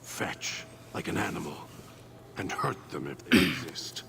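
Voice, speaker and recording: An actor playing a bitter, hateful male super mutant alter ego in a video game, slow and seething, dropping into rasping whispers. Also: low voice, pushed and bright, exaggerated voice. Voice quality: gravelly, slow and brooding. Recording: clear background noise in game audio.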